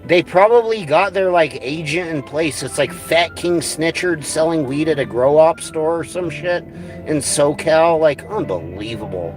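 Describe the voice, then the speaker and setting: Profane ranting man, high voice. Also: expressive, unhurried, faint music behind. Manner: angry, crude, rambling. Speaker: livestream host.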